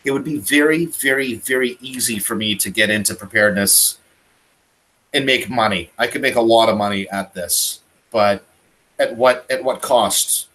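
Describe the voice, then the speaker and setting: A man's voice: fairly low pitch, normal speed, fairly bright tone, poor audio. A man from Canada ranting with passion in a casual podcast chat over a video call. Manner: impassioned, ranting. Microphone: video call mic.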